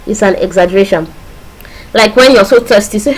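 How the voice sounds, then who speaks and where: A woman teaching a class. She explains step by step, keeps checking that her students follow along, and reads example phrases slowly. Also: mid-range voice, slight background noise, rough recording. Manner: explains with repeated check-ins and acted-out examples; slow, drawn-out reading of tongue twisters. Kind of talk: classroom lecture.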